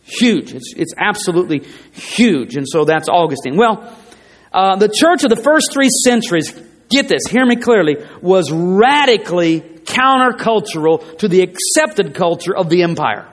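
A man's voice: high-pitched, expressive, moderate pace. A man preaching a sermon in an emphatic way, repeating his phrases for stress, in a church. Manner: emphatic, repeats phrases, rising and falling delivery. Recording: long hall reverb.

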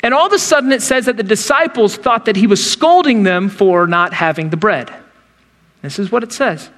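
Middle-aged male pastor, very high voice, lively storyteller who acts out the scenes, long reverb. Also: normal speed. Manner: animated storytelling, acts out quotes in character voices. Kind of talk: sermon.

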